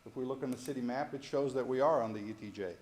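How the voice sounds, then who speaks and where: Polite man, measured delivery. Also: medium pitch, a little mellow. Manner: polite, measured, many "uh" fillers. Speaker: local property owner addressing the council. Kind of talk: public comment at a council meeting. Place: city council chamber.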